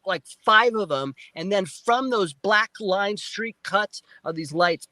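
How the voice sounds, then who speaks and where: A man recounts his experience with real excitement, acting out the noises and what he said at the time. His voice sits high and sounds bright and forward. The sound is close and dry, with no room around it. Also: moderate pace, no echo. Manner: excitable, acts out sounds and quotes. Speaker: guest. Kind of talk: animated storytelling.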